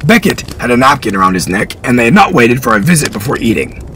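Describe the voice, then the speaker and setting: A man reading historical fiction aloud in an expressive storytelling style. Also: mid-range voice, quick pace, slight background noise, low-quality recording.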